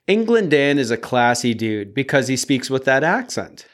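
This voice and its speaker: A man's voice: medium pitch, sing-song, normal speed. A man co-hosting a podcast in casual chat, agreeable with a dry sense of humor. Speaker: podcast co-host. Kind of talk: casual chat about a song.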